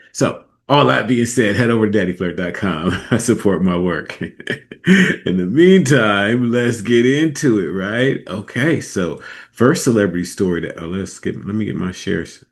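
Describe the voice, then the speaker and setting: A man hosting a podcast, giving casual commentary with laid-back, chuckling asides. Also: low-pitched. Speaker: podcast host.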